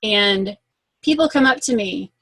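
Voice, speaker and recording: A woman's voice: medium pitch, a little slow, a bit bright, dry recording, rough recording. A woman speaking as a guest on a group call, telling stories in an earnest, conversational way to motivate her listeners. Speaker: guest speaker and fitness coach.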